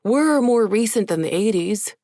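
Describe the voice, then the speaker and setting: Nerdy teen boy, pedantic and protesting , woman reader, lifted pitch. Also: expressive, moderate pace, dark tone, no echo, clean studio sound, natural voice.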